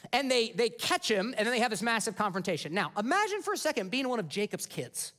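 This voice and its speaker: A man preaching a sermon, retelling scripture in an animated, casual storytelling manner. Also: extremely high pitch, fast. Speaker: pastor.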